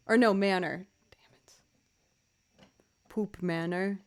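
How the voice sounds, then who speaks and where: A woman's voice: mid-range voice, normal speed, darkish tone. A young woman chatting casually with her stream viewers, bubbly and talkative, greeting people by name. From Boston area. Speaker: streamer and musician. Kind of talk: casual livestream chat.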